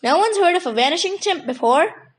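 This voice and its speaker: Lady playing a brisk circus boss man, quick and approving, highish. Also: animated.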